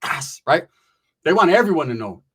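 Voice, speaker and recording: His voice a little high and slightly rough, a man from Northern California speaks at a moderate pace while telling a wild story from his life. The language is swear-heavy street slang with bits of Spanish. He brings the characters to life with animated impressions.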